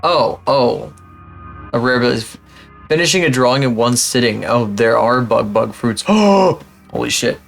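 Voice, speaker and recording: A man's voice: mid-range voice, expressive, a little slow, creaky, faint music behind. A young man live-streaming, chatting casually in a rambling, profane, self-mocking way.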